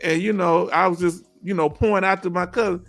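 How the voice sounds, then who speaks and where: High-voiced man hosting a livestream. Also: fairly even intonation, brisk, a bit bright. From Houston, Texas. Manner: folksy, encouraging, reads viewer comments aloud. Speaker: livestream host. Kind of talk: casual livestream chat. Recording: faint music behind.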